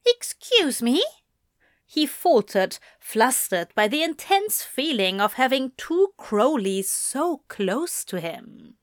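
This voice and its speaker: A woman narrating a story at an unhurried, deliberate pace. Her voice sits a little high and stays expressive. The sound is close and dry, with no room at all. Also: no echo. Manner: slow, measured, expressive. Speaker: reader. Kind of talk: audiobook narration of fan fiction.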